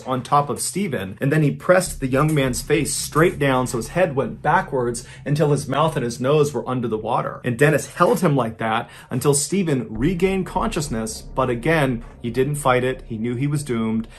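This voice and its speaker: Guy telling a creepy true crime story on his podcast, chatty and laid back but building tension, mid-pitch voice. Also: lively intonation, normal speed, few pauses, slight background noise. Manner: casual, conversational retelling with dramatic build. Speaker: podcast host.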